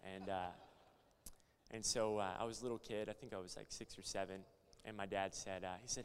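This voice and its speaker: A man's voice: on the low side, steady tone, brisk, slight background noise. Young male pastor in a big hall. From Florida. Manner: builds from quiet storytelling to loud passionate preaching. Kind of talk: conference sermon with storytelling. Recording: long hall reverb.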